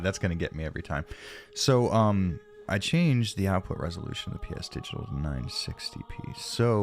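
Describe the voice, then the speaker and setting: A man live-streaming in casual chat, rambling and self-deprecating as he reads chat aloud, a bit sniffly from allergies. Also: low-pitched.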